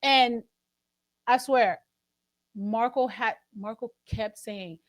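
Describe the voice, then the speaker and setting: A woman's voice: fairly high pitch, slow pace, dry recording. A woman in a casual panel talk, listening supportively and speaking frankly about her own family.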